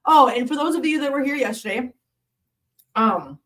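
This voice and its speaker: Woman live streaming, casual rambling chat, fairly high voice, laptop mic set back a little. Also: expressive, moderate pace, a bit bright, distant mic. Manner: chatty, rambling storyteller; coos sweetly to her cats.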